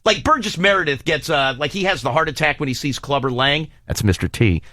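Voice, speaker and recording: A man hosting a morning radio show, bantering excitedly and joking with his co-hosts. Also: a little high, fairly quick, no room sound, studio quality. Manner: animated, excitable, jokey. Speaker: radio host. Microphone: studio microphone.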